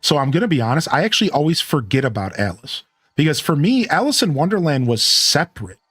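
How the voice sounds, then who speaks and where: Faint music plays behind a live streamer in his thirties, an Ohio native with the matching accent, whose husky, slightly high voice comes through fast with no room sound. He chats with viewers in an animated, rambling way, frequently correcting himself.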